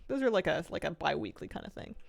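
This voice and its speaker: A woman streamer talks casually with her chat in a lowish voice with a gravelly edge. Her pitch swings widely as she rambles and pokes fun at herself. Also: lively intonation, fast talker. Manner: rambling, self-mocking, laughs often. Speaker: game streamer.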